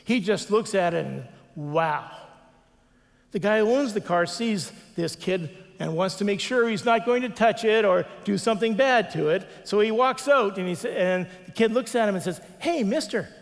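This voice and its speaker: A man's voice: high voice, normal speed, creaky, in a large hall. A man preaching a sermon as a pastor, earnest, with repeated refrains and acted-out quotes.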